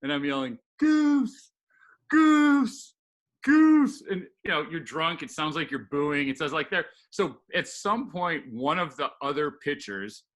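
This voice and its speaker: Bright, animated storytelling man. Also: on the high side, normal speed, few pauses. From New York. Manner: animated, acts out the voices in his stories. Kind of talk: casual chat, storytelling.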